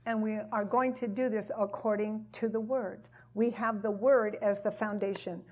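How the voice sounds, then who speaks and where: A woman's voice: medium pitch, steady tone, normal speed, a little mellow, slightly rough. A woman teaching a sermon to a gathered audience, emphatic and repeating her key phrases. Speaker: Bible teacher.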